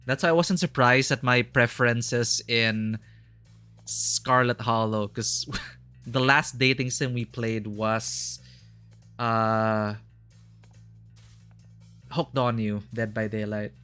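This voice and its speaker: A man's voice: medium pitch, steady tone, slow pace, long pauses, bright, forceful tone, clean tone, faint music behind. A man chatting casually and rambling while he plays a video game live, laughing often as he talks. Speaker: streamer playing a video game. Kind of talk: casual live gameplay commentary.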